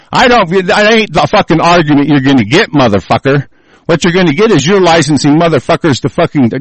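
A man's voice: fairly high pitch, no room sound, low-quality recording. An angry man ranting, swearing constantly as he talks. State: furious. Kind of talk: political rant.

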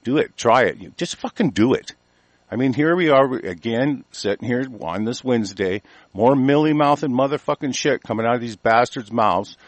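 Male host, mid-pitched, hostile and foul-mouthed, reads aloud haltingly, dry close sound. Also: lively intonation, no room sound. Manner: aggressive, cursing, stumbles while reading aloud. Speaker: host of a commentary show. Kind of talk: angry profane news rant.

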